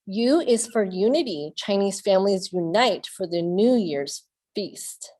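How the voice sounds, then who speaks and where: A woman's voice: medium pitch, expressive, a little slow, warm tone. A woman leading a children's storytime, reading aloud and playfully making animal sounds with the kids. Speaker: children's librarian.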